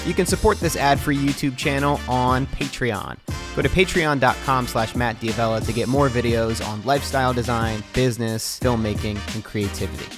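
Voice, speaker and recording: Calm, measured man narrating a vlog. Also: medium pitch, music in the background. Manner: calm, measured and even-toned. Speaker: vlogger.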